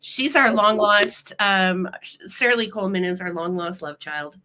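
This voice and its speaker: A woman's voice: mid-range voice, unhurried, sharp tone. A woman with a cold hosting a live sale stream, chatting casually and greeting viewers with playful nicknames. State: has a cold.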